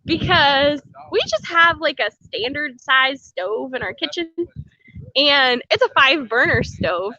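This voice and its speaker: A woman's voice: high voice, lively intonation, slow, pushed and bright, lo-fi sound. A woman chatting casually on a livestream, reading viewer comments, rambling with frequent laughs. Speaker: homesteading vlogger on a livestream.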